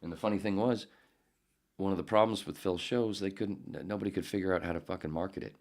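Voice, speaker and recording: Brief: man in his fifties, booming extreme-low voice, profane, digressive podcast storyteller. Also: steady tone, fast talker, a little mellow. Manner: profane, digressive, self-correcting. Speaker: podcast host, former radio producer. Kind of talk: casual rambling storytelling.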